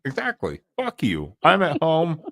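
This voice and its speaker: A woman doing a deep, gravelly growl of a tough homeowner behind double locks, daring anyone to test her. The voice swings wildly in pitch, menacing and crude, in a casual chat. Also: wildly swooping pitch, measured pace, fairly bright tone, no room sound, clean studio sound, full character voice. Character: gruff armed woman daring intruders.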